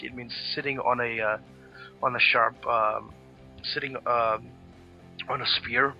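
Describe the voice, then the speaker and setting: A man's voice: mid-range voice, fairly even intonation, measured pace, gravelly, pauses often. A man co-hosting a podcast, telling history stories in a rambling, swear-heavy casual chat. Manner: rambling storyteller, lots of swearing and fillers. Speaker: podcast co-host. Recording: dull lo-fi podcast audio with faint music.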